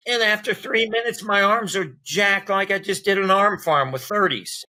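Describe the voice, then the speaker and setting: A man, a doctor guest on a podcast, talking casually and telling animated stories that act out the dialogue. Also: sits high, moderate pace, hardly any pauses, low-quality recording. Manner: animated storyteller acting out dialogue.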